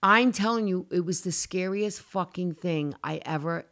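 A woman telling a frightening personal story on a casual talk show, animated and dramatic, acting out her own cries and swearing as she goes. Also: on the low side, moderate pace.

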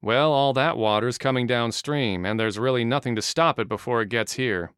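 A man voicing a calm, practical male agent who explains things in a measured way, in an audiobook. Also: mid-range voice, smooth, no echo, studio quality, close to an everyday voice.

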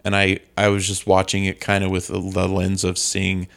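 Wry low-voiced man chatting. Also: completely flat delivery, normal speed, gravelly, fairly bright tone, clean tone. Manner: wry, laughing, mock-disgusted asides. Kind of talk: casual movie chat.

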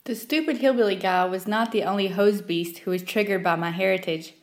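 A woman's voice: medium pitch, fairly quick. A young woman from Southwest Virginia with an Appalachian accent, narrating personal stories in a wry, self-deprecating way. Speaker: storyteller podcast host. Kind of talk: scripted story narration.

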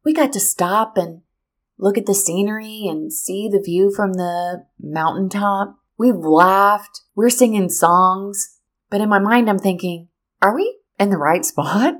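A woman hosts a podcast and tells a personal story with a motivational message. Her voice sits at an ordinary middle pitch. She tells the story in a lively way and acts out what people said as she goes. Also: a little slow. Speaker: podcast host.

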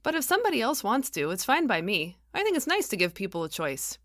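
An earnest, homespun council woman, read by a woman talks plainly and a touch high. Her storybook voice is sincere and simple. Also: sing-song, fast talker, fairly bright tone, dry recording, studio quality.

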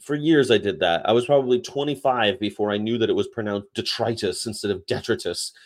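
A man's voice: fairly low pitch, fairly quick. A man hosting a livestream, chatting casually and rambling between topics and read-aloud definitions. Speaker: livestream host.

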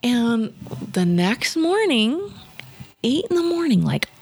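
A woman telling a personal story in a casual, animated way, acting out the voices of the people she quotes. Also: fairly high pitch, takes it slowly, husky, no echo. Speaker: guest.

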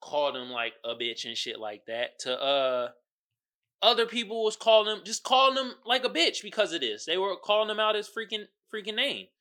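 Young male podcast host, high and sharp-toned, slangy and excitable, swings from mumbling to shouting. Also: normal speed. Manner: animated, swings from mutters to loud outbursts; heavy slang and fillers, quotes others in character. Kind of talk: casual commentary.

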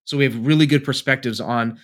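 A man's voice: mid-range voice, fairly even intonation, fairly quick. Chill guy cohosting a podcast, flight instructor, laughs and swears a bit. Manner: laughing, swearing, loose talk. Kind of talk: casual podcast banter.

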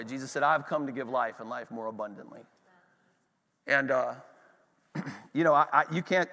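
A man's voice: a little high, bright, forceful tone. A man preaching a sermon, telling a story with passion and checking in with his congregation. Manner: impassioned storytelling to a congregation, asks "are you with me". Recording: long hall reverb.

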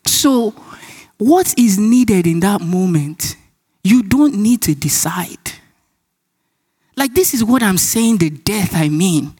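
A man's voice: high voice, slightly rough. A man with a Nigerian accent preaching a sermon, telling stories, acting out dialogue and laughing often. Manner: animated storytelling, acts out dialogue, laughs often.

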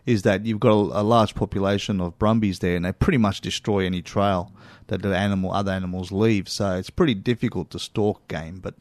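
A man's voice: deep voice, fairly even intonation, fairly quick, darkish tone, dry recording. Man, casual co-host, wry, teasing, dry recording. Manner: wry, teasing, self-deprecating. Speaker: podcast co-host. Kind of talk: casual chat.

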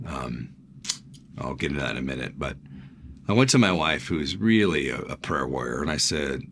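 An older man delivers a sermon in a very deep, low voice. He preaches with earnest reflection, sharing a personal story at an unhurried pace. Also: lively intonation, a bit bright. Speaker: pastor.

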